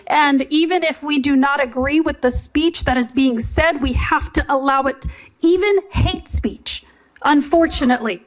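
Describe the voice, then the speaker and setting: A woman chairing a public meeting, giving firm but halting procedural warnings and directions into a desk microphone. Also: high voice.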